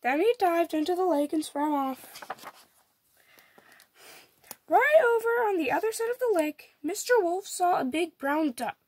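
Animated woman reading a picture book. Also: very high voice, unhurried, long pauses. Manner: animated, expressive. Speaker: storyteller. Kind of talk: picture-book read-aloud.

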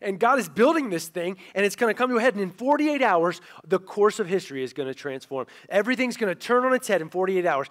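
A male pastor tells a story from the pulpit with a fairly high voice. He is animated and casual, slipping into the voices of the people in the story. His sermon rolls along in storytelling mode. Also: fast, hardly any pauses. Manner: animated, acts out quoted characters.

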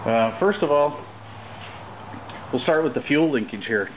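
A man giving a relaxed, hesitant walkthrough of his home mechanic work, with many pauses and fillers. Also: medium pitch, noisy background. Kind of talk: casual walkthrough demo. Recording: tinny phone-like camcorder audio.

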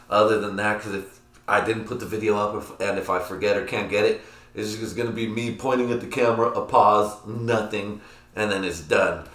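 Male podcast host, lowish bright voice, rambling and profane, roomy echo. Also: fairly quick. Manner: rambling, swears a lot, laughs at his own jokes. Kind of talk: casual profane chat.

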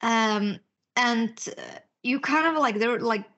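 A woman with a high voice co-hosts a podcast in loose, casual chat. She swears freely, laughs often, and pads her talk with fillers. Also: slow, fairly bright tone, lo-fi sound. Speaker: podcast co-host. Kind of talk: casual chat about books and films.

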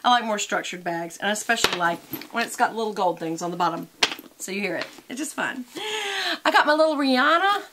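A woman's voice: medium pitch, animated, fast, pushed and bright, slight background noise. A middle-aged woman, chatting casually and rambling in a makeup and lifestyle vlog. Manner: chatty, rambling, talks while applying makeup and eating. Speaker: beauty and lifestyle vlogger.

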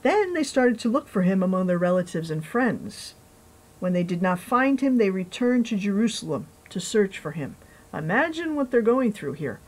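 A woman pastor giving a conversational sermon, reading scripture and adding chatty, animated asides. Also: medium pitch, normal speed, low-quality recording.

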